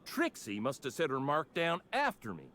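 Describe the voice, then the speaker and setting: A man's voice: on the high side, huge pitch swings, moderate pace, pushed and bright, full character voice. An actor voicing a petty, hotheaded male junk salvager in a video game, with a whiny, indignant manner. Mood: blustering.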